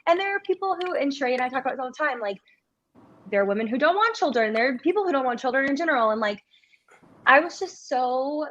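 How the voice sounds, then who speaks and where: A woman's voice: sits high, fast talker, highs cut off. A woman chatting casually on a podcast, telling stories animatedly and acting out quotes. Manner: animated storyteller, acts out quotes with laughter. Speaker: podcast guest co-host. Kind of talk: casual chat.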